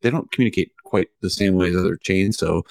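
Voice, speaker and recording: A man co-hosting a podcast, casually explaining technical matters in a relaxed, hedging way. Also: deep voice, fast talker, creaky, no echo, clean studio sound. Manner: relaxed, explains things with hedges. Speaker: podcast co-host and validator. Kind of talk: casual chat.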